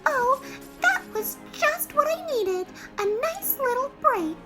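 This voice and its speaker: A cheerful cartoon mouse girl put on by a woman, squeaky and sweet, pitched very high with a sing-song rise and fall. Bouncy game music plays clearly underneath. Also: very animated, takes it slowly, sharp tone, full character voice.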